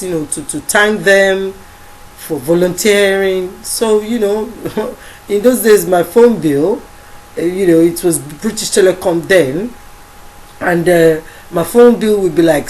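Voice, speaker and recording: A woman with a Nigerian accent recounting a story in casual speech, halting often with fillers and restarts. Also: mid-range voice, darkish tone, rough recording. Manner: halting, many fillers and restarts, quotes others in dialogue. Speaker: activist recounting events.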